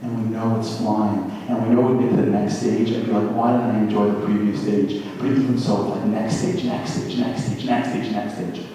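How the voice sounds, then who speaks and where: A man's voice: lowish voice, level tone, fairly quick, hardly any pauses, warm tone. A male motivational speaker giving a dramatic inspirational talk, full of repetition and acted-out voices. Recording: echoey hall from far off.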